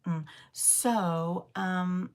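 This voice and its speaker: A woman's voice: on the low side, steady tone, very slow. A woman hosting a casual livestream from home, chatting in a rambling way with many ums while showing her knitting. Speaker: livestream host. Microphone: phone.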